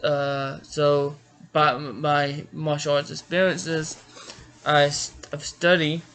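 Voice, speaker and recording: A man's voice: fairly high pitch, flat delivery, takes it slowly, fairly bright tone. A middle-aged man from Georgia, a martial arts author, talking casually about himself with many stammers and restarts. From Georgia, United States. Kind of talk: casual self-introduction.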